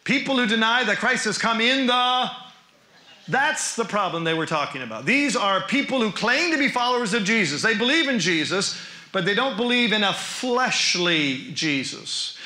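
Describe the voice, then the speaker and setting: A high-voiced man with a sharp, forceful tone gives an animated teaching lecture, asking the crowd question after question. He speaks as a New Testament professor. The sound is roomy, as if in a church hall. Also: normal speed. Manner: animated, with frequent rhetorical questions.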